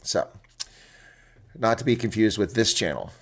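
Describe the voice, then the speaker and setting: A man's voice: fairly low pitch, animated, unhurried, vocal fry, a bit bright, breathy edge. A man hosting live rugby reaction commentary, reading out team lineups and chatting bluntly with viewers. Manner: chatty, blunt, exclaims often.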